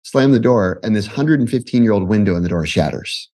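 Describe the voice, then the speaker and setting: A man in his forties, a podcast guest, telling casual stories in an animated way, often breaking off and laughing. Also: fairly low pitch, brisk. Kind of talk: casual storytelling.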